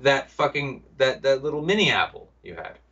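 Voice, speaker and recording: A man's voice: mid-range voice, big pitch swings, bright, forceful tone. A man co-hosting a live-streamed podcast, teasing his guests in casual banter and slipping into silly voices for quoted bits. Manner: joking, teasing, quick voice switches for quoted bits. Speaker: co-host. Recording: dull lo-fi sound, a bit distant from the mic.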